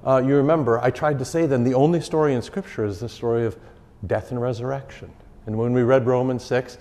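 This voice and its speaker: A man's voice: mid-range voice, a little mellow. Man, pastor, informal teaching talk, long hall reverb. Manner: conversational, repeats key phrases for emphasis. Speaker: pastor teaching a catechism class.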